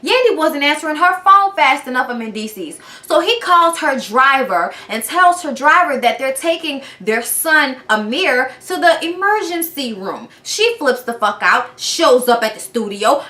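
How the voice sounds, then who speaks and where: A woman reviewing a reality TV episode in a blunt, animated and profane casual rant. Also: high-pitched, a little slow, few pauses. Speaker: TV show reviewer. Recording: echoey room.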